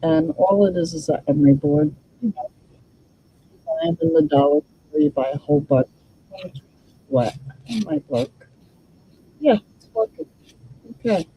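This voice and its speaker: A woman's voice: low voice, very animated, normal speed, long pauses, warm tone, highs cut off, slight background noise. A woman hosting a casual crafting demo, thinking aloud and chatting to her viewers while she works. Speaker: crafting channel host.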